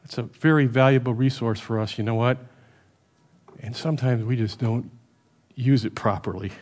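A middle-aged man delivers a sermon in a loose, conversational manner. He keeps checking in with his listeners and swings between loud emphatic stretches and quiet, low asides. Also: steady tone, normal speed. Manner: varies loudness a lot, rising for emphasis and dropping low. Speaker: preacher.

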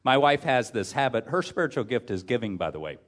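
A man's voice: medium pitch, big pitch swings, brisk. Middle-aged male pastor, mid-range voice, humorous storyteller in the pulpit. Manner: storytelling with self-deprecating humor, swings between loud and hushed. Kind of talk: sermon.

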